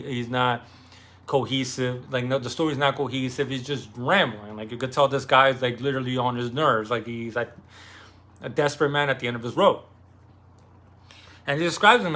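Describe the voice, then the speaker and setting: A man's voice: mid-range voice, bright, forceful tone. Rambling young man summarizing a novel. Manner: rambling, swearing, acts out characters' lines. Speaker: book discussion host. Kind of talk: casual book summary.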